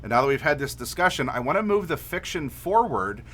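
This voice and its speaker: A man's voice: fairly high pitch, very animated, brisk, a bit bright, slight background noise. A man casually chatting on a livestream, reading viewer messages aloud and rambling with lots of filler words. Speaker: streamer reading chat.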